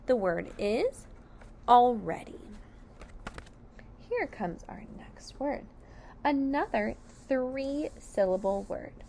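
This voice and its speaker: A woman teacher slowly sounding out sight words, syllable by syllable, for young children. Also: a little high, big pitch swings, a little mellow, slight background noise. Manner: clear, deliberate sounding out of each letter. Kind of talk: slow phonics lesson.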